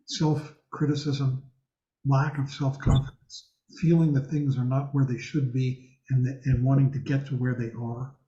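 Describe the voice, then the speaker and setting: A man leading a group discussion over a video call, speaking in a measured, emphatic way. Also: medium pitch, little pitch movement, dark tone. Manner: measured, emphatic, slows on key words. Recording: echoey, dull video-call audio.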